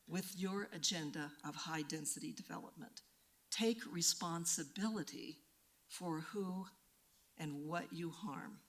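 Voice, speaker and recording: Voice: mid-range voice, a bit bright. A person giving a defiant, emphatic public comment at a council meeting, pleading to be seen.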